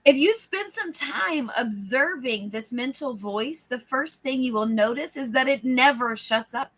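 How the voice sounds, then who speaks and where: A woman's voice: high-pitched, unhurried. A woman hosting a book club, reading aloud casually, acting out lines, laughing, and checking in with listeners. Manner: animated, acts out the inner voice, laughs often. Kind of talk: live book club reading with chat asides.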